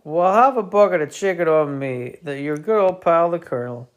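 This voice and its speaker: A man's voice: fairly high pitch, expressive, moderate pace, clean tone, pitched above the performer's own voice, close to an everyday voice. A British man voicing a folksy, bigoted old colonel who rambles about the old days, barely changing his own voice. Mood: cheery.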